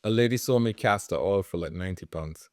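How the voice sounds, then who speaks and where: A man's voice: low voice, fairly quick, a little mellow. A man on a comedy podcast telling a short, wry anecdote. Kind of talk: casual comedic storytelling.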